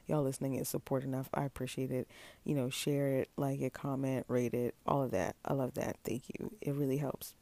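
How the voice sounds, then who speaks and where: Mellow, gravelly-voiced man chatting solo. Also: medium pitch, no room sound. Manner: chatty, rambling, addresses listeners as y'all. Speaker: podcast host. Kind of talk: casual solo podcast monologue.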